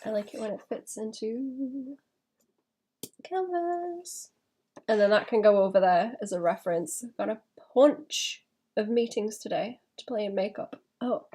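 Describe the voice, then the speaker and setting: A female illustrator streams her drawing and chats casually, thinking aloud amid small laughs and restarts. She has a husky, dark-toned, medium-pitched voice and a moderate pace.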